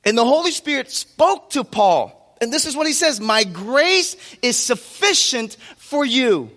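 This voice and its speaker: A man preaching a sermon with impassioned delivery, slowing down hard on key phrases. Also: very high voice, sing-song, a bit bright. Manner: impassioned preaching with emphatic slow-downs. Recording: long reverb of a large hall.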